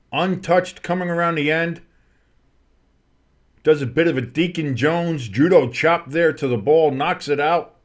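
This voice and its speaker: A man hosting a fan stream, calling football play-by-play with crude asides and loud bursts on big plays. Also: fairly high pitch. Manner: excitable, crude jokes, shouts on big plays. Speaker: play-by-play host.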